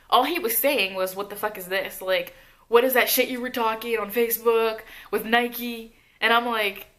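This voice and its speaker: Bright-voiced young woman telling a story. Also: mid-range voice. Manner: profane, animated retelling with asides. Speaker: vlogger. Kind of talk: casual storytime monologue.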